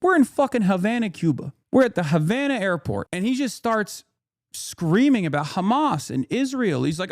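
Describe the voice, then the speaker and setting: A man's voice: high voice, very animated, moderate pace, no room sound, studio quality. A man in his thirties streaming a profane, angry rant, retelling a run-in and quoting people in raised voices. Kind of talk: profane ranting commentary.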